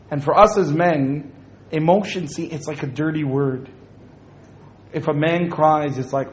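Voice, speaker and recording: A man's voice: fairly high pitch, slow, pauses often, a little hiss or hum. A man speaking to an audience at a religious talk, joking and acting out little scenes.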